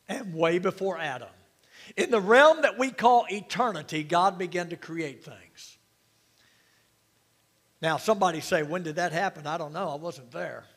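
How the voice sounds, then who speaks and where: A man preaching a sermon as pastor, talking with the congregation in a relaxed way, joking and asking them questions. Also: sits high, big-room sound. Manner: conversational preaching with humor and audience questions.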